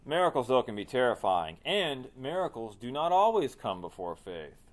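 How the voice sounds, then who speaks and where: Male pastor, sermon delivery, mid-pitched, dynamic between emphatic peaks and quiet asides. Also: big pitch swings, normal speed. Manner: preaching with swelling emphasis and quiet drops.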